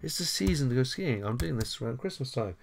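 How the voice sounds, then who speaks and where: A man's voice: mid-range voice, animated, fast talker, vocal fry, a little hiss or hum. A man teaching a French lesson over a screen recording, chatty, with wry self-deprecating asides.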